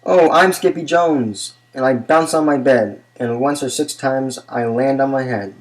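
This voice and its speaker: A man's voice: unhurried, lightly acted, poor audio. A man reading aloud and voicing a playful little boy kitten with a mock-Spanish flair. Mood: singsong. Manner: mock-Spanish flourish, high excited bursts. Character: small boy Siamese kitten, playful and daydreaming.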